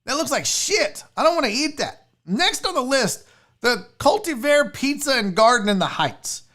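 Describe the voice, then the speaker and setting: A woman's voice: high voice, sing-song, moderate pace, a bit bright. Woman hosting a stream, swears a lot, mocking, voice jumps all over. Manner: blunt, profane, mocking. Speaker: sports show host. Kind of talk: casual livestream chat.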